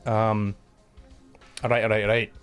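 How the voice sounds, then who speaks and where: A man's voice: on the low side, level tone, measured pace, clean tone, soft background music. A man with a Scottish accent chatting casually on a live stream, blunt and sweary, thanking viewers between rants. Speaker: livestreamer.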